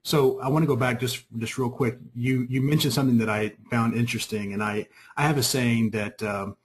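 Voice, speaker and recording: A man's voice: mid-range voice, steady tone, a little fast, slight background noise. A man hosting a webinar, asking a guest long questions and agreeing with him. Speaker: webinar host. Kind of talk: interviewing a guest.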